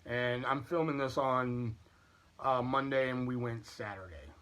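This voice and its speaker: A man's voice: medium pitch, a little slow, fairly bright tone. A man hosting a casual product review and haul vlog, talking in a candid, chatty, rambling way. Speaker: YouTube channel host.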